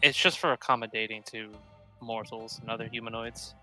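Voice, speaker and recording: A man's voice: medium pitch, fairly even intonation, fairly quick, bright, forceful tone, faint music behind. A man playing a tabletop game, speaking in character in a precise, explanatory manner. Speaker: player.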